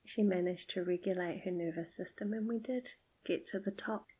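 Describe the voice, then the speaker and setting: A middle-aged woman hosting a podcast, gently telling a personal story in a soft, often half-whispered voice. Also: on the low side, moderate pace, slightly rough, low-quality recording. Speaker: podcast host.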